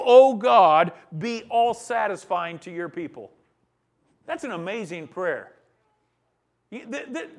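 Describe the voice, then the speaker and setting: High-voiced man preaching a sermon. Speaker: pastor.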